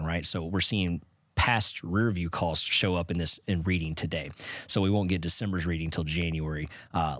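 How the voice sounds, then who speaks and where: A man with a low, deep voice hosts an educational finance podcast in a loose, conversational way, restarting sentences now and then. He sounds close to the mic in a dry, dead room. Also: no room sound. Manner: conversational, stumbles and restarts, chuckles at points. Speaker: podcast host. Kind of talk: casual educational monologue.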